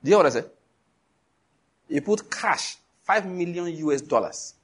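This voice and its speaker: A middle-aged Nigerian-accented man preaching with a husky, slightly raised voice. He drives his points home emphatically and tells stories in an animated way, throwing rhetorical questions at the congregation. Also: a little high, moderate pace. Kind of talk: sermon.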